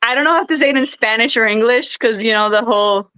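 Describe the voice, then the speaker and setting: A woman's voice: fairly high pitch, quick pace, smooth, no echo. A young woman from Puerto Rico, a wrestler chatting as a podcast guest, telling stories in a bubbly, giggly way over a remote call. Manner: chatty, giggly, animated storyteller. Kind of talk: casual interview chat. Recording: dull, lo-fi dry sound.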